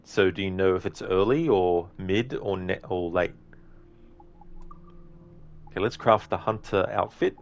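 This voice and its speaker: Gravelly and deep, this man's low-pitched voice carries his casual live game-stream commentary. Chatting easily, he reads viewers' messages and thanks them, with frequent ums and self-corrections partway through sentences.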